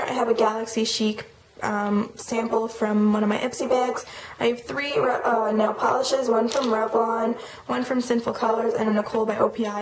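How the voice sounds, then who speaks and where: A young woman in college, casually walking through her makeup collection and listing products in a chatty way with the occasional filler. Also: a little high. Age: young adult. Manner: chatty, lists items quickly with fillers. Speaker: beauty vlogger. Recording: echoey room with noticeable noise.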